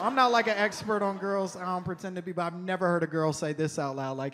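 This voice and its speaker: A male comedian working a club stage through a handheld mic, his voice pitched slightly high. He talks in a loose, conversational way, teasing the crowd with quick asides, over a faint hiss of background noise. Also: fairly even intonation, fairly bright tone. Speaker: stand-up comedian. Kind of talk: stand-up comedy.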